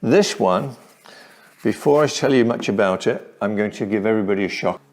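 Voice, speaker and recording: A man showing his watch collection on a casual vlog, talking slowly and hesitantly with many pauses and ums. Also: on the low side, a little mellow. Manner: slow, hesitant, full of ums. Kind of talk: casual show-and-tell vlog.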